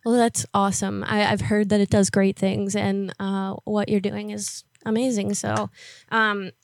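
A woman's voice: mid-range voice, level tone, a little slow. A woman interviewing someone by phone, talking casually with many fillers and encouraging words.

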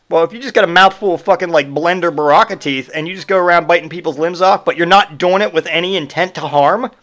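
A man with a notably high voice hosts a podcast in a mocking, foul-mouthed rant. His delivery is sarcastic and full of jokes at others' expense. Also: fairly bright tone. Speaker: podcast host. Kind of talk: comedic monologue rant.

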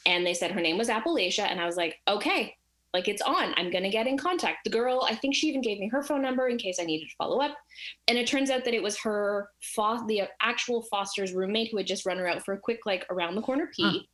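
This woman talks fast with a medium-pitched voice. Telling a personal story casually, she gets animated and imitates the voices of the characters in it.

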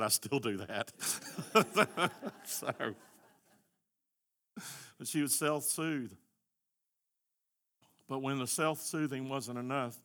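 Middle-aged male pastor, fervent sermon delivery, bright tone. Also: medium pitch. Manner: impassioned, shouting at peaks.

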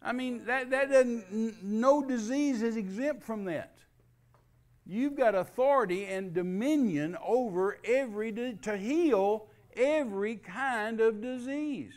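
High-voiced emphatic male preacher. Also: unhurried, darkish tone. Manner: emphatic, spells out words letter by letter. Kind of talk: sermon.

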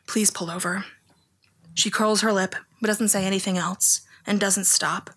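A woman reading a memoir aloud in second person, in a hushed, even delivery that at times drops toward a whisper. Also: medium pitch, normal speed. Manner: hushed, flat, sometimes close to a whisper. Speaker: audiobook narrator.

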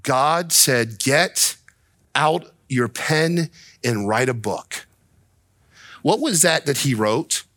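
A male pastor preaching a sermon with strong emphasis. He slows down and drops his voice to read scripture, then rises close to shouting when he acts out the prophet's complaints. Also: medium pitch, animated, no echo.

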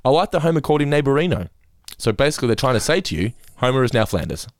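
An Australian man hosting a casual chat, an animated storyteller who acts out quotes and laughs often. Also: mid-range voice, racing, no room sound, clean studio sound. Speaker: podcast host.

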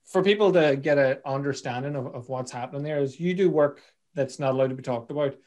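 A man hosts a relaxed podcast interview, talking fast at a middle pitch. He jokes, swears freely and drifts into rambling asides before finding his way back to the question.

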